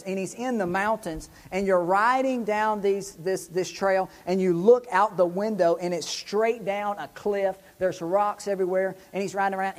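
A man telling a story in an excitable, animated way during a casual chat. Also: sits high. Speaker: church staff member and show regular.

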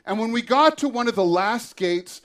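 A man, a pastor, telling a lively personal story in a church sermon and acting out the scene. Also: very high-pitched, normal speed.

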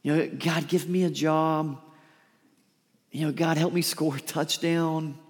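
A man preaching a sermon, lively and emphatic, sometimes dropping to a soft pleading voice to act out a quote. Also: on the high side, unhurried. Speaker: pastor. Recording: reverberant hall.

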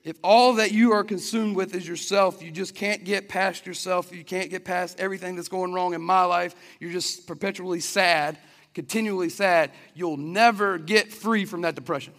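A man's voice: high-pitched, fairly even intonation, moderate pace, a bit bright. A man preaching a sermon in an earnest, conversational way, often restarting his sentences. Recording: long reverb of a hall.

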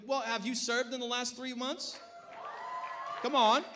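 A man's voice: extremely high pitch, moderate pace, pauses often, sharp tone, a faint crowd. A male pastor preaching a sermon, emphatic and exhorting his congregation.

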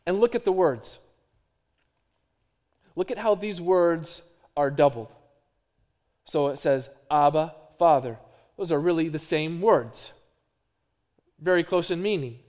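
Man, middle-aged, pastor, sermon, high voice, hushed to emphatic, repetitive phrasing. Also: animated, slow, long pauses.

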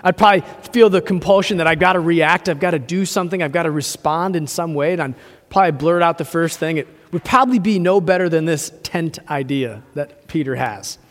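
A man preaches to his congregation in an earnest, repetitive way, circling back and restarting as he presses his point. His voice sits high for a man, and it rings out with a long reverb in a church sanctuary. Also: fairly quick. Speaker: pastor. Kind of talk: sermon.

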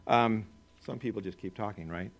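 A male pastor with an American accent preaching a sermon in a relaxed, conversational way, with joking asides and chuckles. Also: lowish voice, moderate pace.

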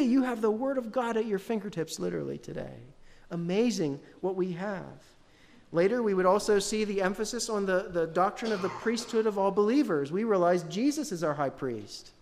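A man's voice: sits high, lively intonation, moderate pace, a little mellow. A man giving a sermon as pastor, talking in a conversational way and putting questions to the congregation. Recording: long hall reverb.

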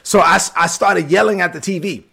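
A man with a Brooklyn accent preaching and telling a story, acting out quotes with bursts of shouting. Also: high voice, fairly quick, creaky, slight background noise. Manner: animated storyteller, acts out quotes, sudden shouts. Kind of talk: sermon-style storytelling. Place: livestream with chat.

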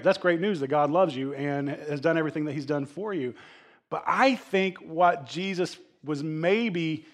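A middle-aged man preaching a casual sermon, conversational, with many fillers and restarts. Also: fairly high pitch. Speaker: pastor.

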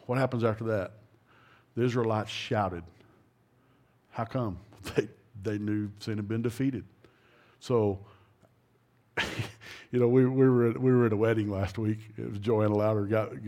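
Middle-aged man, low-pitched, folksy preacher, rambling with restarts. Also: darkish tone. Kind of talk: informal sermon.

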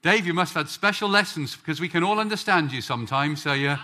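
Lively, bright-voiced male preacher. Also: a little high, normal speed, pauses often. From England. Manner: lively, joking with the congregation. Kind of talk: sermon with audience banter.

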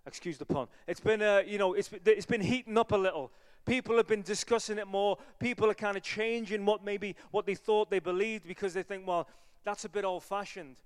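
A male evangelist preaches in a church, his talk earnest, conversational and full of fillers. His voice is fairly high and smooth. A long reverb from the hall trails each phrase. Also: a little fast, few pauses. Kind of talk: sermon.

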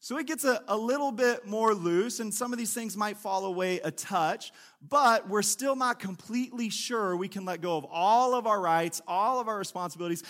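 A male pastor preaching a conversational sermon in a church service, acting out quick quotes and dropping to a hushed tone for prayer. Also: high voice. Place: church sanctuary during a service.

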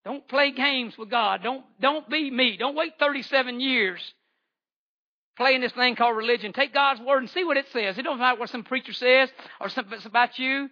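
High, bright-voiced man testifying. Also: normal speed, highs cut off. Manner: fervent, repetitive, stammering restarts. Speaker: layman giving testimony in church. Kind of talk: impassioned testimony sermon.

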